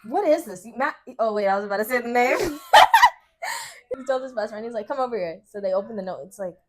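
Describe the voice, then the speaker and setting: A woman's voice: fairly high pitch, fast. A young woman co-hosting a casual chat, dramatically retelling embarrassing stories from her school days. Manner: animated, laughing, dramatic retelling. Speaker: co-host.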